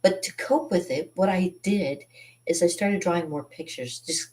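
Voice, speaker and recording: Woman in her fifties, low voice, rambling, self-deprecating, laughs at herself, casual comedic monologue. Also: normal speed, darkish tone. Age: 50s. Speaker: artist and channel host.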